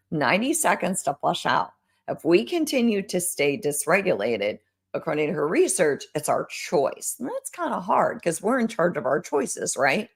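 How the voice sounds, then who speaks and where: Low-voiced woman coaching with lively pitch. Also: gravelly, slightly rough. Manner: coaching, animated, addresses listener directly. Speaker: host. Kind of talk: instructional podcast talk.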